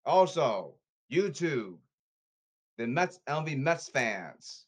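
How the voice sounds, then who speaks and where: A man ranting on his own podcast, repeating himself and calling people out, swinging from apologetic mutters to shouts. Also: medium pitch, big pitch swings, takes it slowly, long pauses, husky. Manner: repetitive, emphatic, calling people out. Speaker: podcast host. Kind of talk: rambling solo podcast rant.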